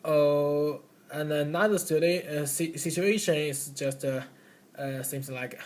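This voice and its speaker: A man giving a classroom recap, explaining rules one by one in a halting way, with many fillers and restarts. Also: a little high, fairly even intonation.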